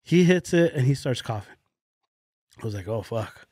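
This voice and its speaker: A man's voice: mid-range voice, normal speed, husky, dry recording, clean studio sound. A young man on a podcast, telling a wild story with lots of swearing and laughing along the way. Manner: animated storyteller, swears freely, laughs through his story. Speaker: podcast co-host. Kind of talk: casual podcast chat.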